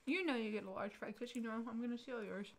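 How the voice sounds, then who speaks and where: A woman's voice: fairly high pitch, quick pace, creaky. A woman, the host's girlfriend, chiming in with dry, wry remarks during a livestream. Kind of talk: casual livestream chat.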